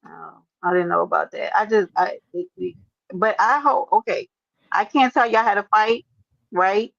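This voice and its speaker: A woman's voice: mid-range voice, animated, normal speed, gravelly, fairly bright tone, no room sound, highs cut off. A woman hosting a casual livestream, brash and teasing, swearing freely as she talks with a caller. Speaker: livestream host.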